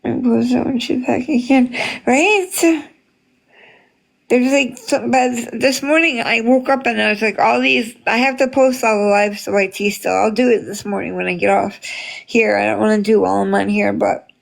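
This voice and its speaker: A woman's voice: a little high, fairly even intonation, moderate pace, vocal fry. A woman hosting a casual livestream, chatting with viewers and greeting them by name, with many fillers. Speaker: livestream host reading chat.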